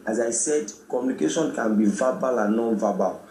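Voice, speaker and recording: A man gives a radio talk, explaining ideas and acting out little greetings to make his point. His voice is mellow and rounded. The room echoes, with a faint hum of noise behind him. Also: brisk. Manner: animated, acts out quoted greetings with rising pitch. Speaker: radio presenter. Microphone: studio microphone.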